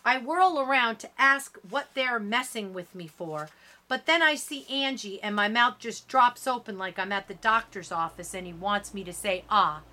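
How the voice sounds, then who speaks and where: A woman's voice: fairly high pitch, animated, moderate pace, pushed and bright. A woman reading a middle-grade novel aloud. She stops now and then to explain and sum up, and she lifts her voice for the characters' lines.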